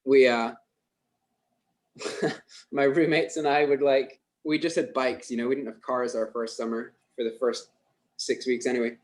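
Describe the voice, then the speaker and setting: A man in his thirties with a Scottish accent, a guest on a podcast, telling stories in relaxed casual chat with frequent chuckles. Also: medium pitch, unhurried, pauses often, poor audio. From Scotland.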